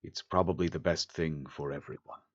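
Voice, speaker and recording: A man doing a deep rumbling polite alien. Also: fairly even intonation, moderate pace, dull audio. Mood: regretful. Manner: conciliatory and apologetic. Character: polite, soft-spoken male alien diplomat.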